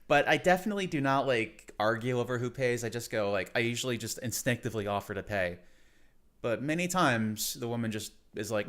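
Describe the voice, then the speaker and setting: Brief: low-pitched male host reacting to a clip with dry, wry remarks. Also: brisk, a bit bright. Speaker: commentary host. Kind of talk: reaction commentary.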